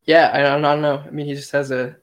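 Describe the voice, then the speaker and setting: A man's voice: on the high side, little pitch movement, quick pace. A man speaking as a guest in a casual sports podcast chat, hesitant and hedging as he talks. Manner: hesitant, many fillers and restarts.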